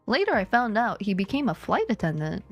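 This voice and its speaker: Animated, foul-mouthed woman streamer. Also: medium pitch, a little fast, soft background music. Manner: animated, swears freely, laughs often. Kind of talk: casual livestream storytelling.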